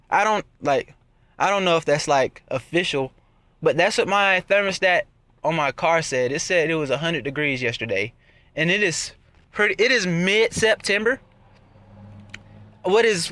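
A man's voice: sits high, pushed and bright. A young man in a casual vlog, talking and ranting from inside his car while he drives, laughing often and trailing off into fillers. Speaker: vlogger. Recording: car and road noise behind voice. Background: road and traffic noise.

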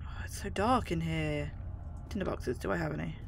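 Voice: mid-range voice, normal speed, gravelly, slight background noise. A gamer with a London accent and a slight lisp, commenting on a horror game in a chatty, jumpy way, swearing often. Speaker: gaming video host. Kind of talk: let's play commentary.

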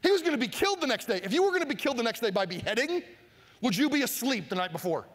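A pastor preaching a sermon, animated, acting out Bible scenes and shouting for emphasis. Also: male voice, extremely high pitch, rapid-fire. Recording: long hall reverb.

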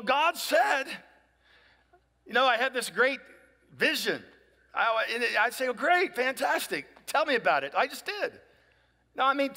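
A man preaching a sermon in a high, bright and forceful voice, chatty and direct, often checking in with his listeners. His voice rings through a large hall with a long reverb. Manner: conversational, asks "right?" often, acts out people in dialogue. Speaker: pastor.

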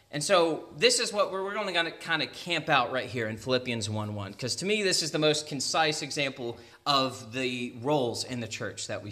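A young man with an American accent giving a conversational sermon, laughing often and making quick asides. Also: on the high side, bright, forceful tone. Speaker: preacher.

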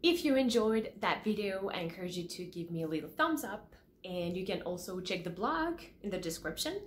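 A woman teaching pronunciation, repeating each word slowly and checking in with "all right?" after each point. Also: medium pitch, expressive, slight background noise. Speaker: French teacher. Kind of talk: pronunciation lesson to camera.

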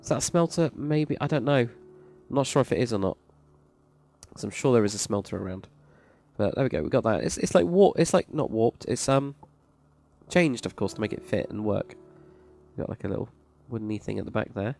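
A Minecraft server plot reviewer tours a game build, his medium-pitched voice brisk, lively in intonation, a little mellow and touched with vocal fry. He rambles casually and enthusiastically, praising freely, while faint music plays in the background.

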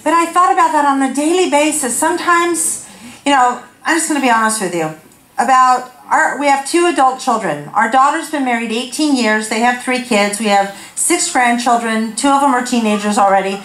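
A guest speaker, a high-voiced woman, gives a humorous sermon in an echoey church sanctuary, telling candid, self-deprecating stories with laughs. She speaks at a moderate pace in a fairly bright tone into a handheld corded mic.

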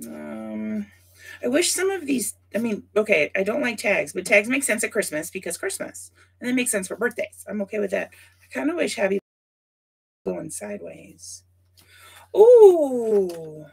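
A chatty woman hosts a casual crafting livestream with a husky, slightly gravelly voice. Her pitch swings freely as she thinks aloud and speaks to viewers by name. It is relaxed, running talk with plenty of asides. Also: brisk. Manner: chatty, talks to viewers by name while working. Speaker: host of a scrapbooking livestream.

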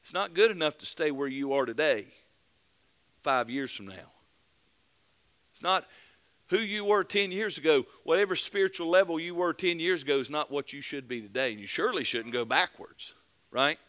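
A man preaching a fervent mid-week sermon as pastor, building to loud emphatic peaks and dropping back to earnest plain talk. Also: on the high side, normal speed. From United States.

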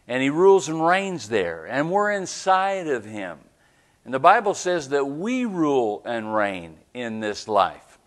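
A man's voice: on the high side, fairly bright tone. Man preaching a casual sermon. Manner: conversational preaching with frequent "right?" asides. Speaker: pastor. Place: church service.

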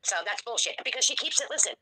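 A woman in her sixties, speaking bluntly and profanely as an interview guest, telling her story in an animated way. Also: on the high side, quick pace, slightly rough, dry recording, low-quality recording. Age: 60s. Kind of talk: candid interview.

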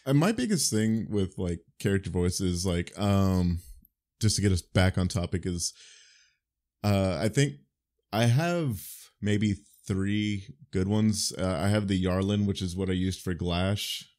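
A man's voice: low-pitched, expressive, measured pace, darkish tone. A man playing in the group, talking casually on a podcast in a joking, crude, enthusiastic way. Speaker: player.

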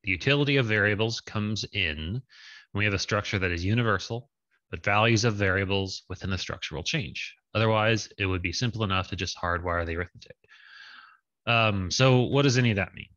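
Over a video call with screen share, a male instructor guides students through a coding lab in a lowish, forceful yet bright voice. His delivery is casual, thinking out loud with plenty of ums and uhs. The audio is dry, echo-free, and a bit dull, like a lo-fi call.

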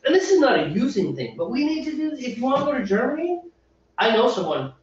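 Man with a high, bouncy voice, rambling chatty host, far from the mic, very echoey and dull sound. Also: quick pace, a little hiss or hum. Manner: rambling, animated storyteller. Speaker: homebrew livestream host. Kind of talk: casual chat. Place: home brewing spot. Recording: echoey, distant, dull room audio.

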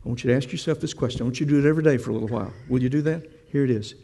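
A man's voice: medium pitch, racing, gravelly, few pauses, mellow, long reverb tail. A man preaching a sermon, telling a story and asking the congregation questions in a conversational way.

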